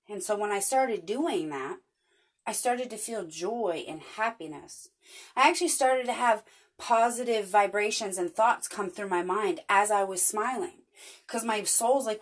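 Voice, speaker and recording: A woman's voice: mid-range voice, moderate pace. A woman hosting a podcast, talking earnestly and chattily in a casual motivational monologue, telling stories with lots of energy. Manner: earnest, chatty, animated storytelling. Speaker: podcast host.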